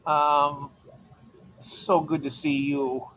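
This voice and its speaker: Speaking extremely slowly in a slightly high, level voice, an older man hosts a late-night stream from the room where he keeps his aquariums. He chats freely and greets his viewers warmly by name. Some slight background noise can be heard.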